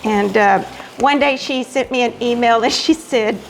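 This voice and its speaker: A woman hosting a craft vlog, gushing with excitement as she opens mail from friends. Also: a little high, moderate pace, slight background noise. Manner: gushing, effusive exclamations. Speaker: craft vlogger host. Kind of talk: casual chat, unboxing mail.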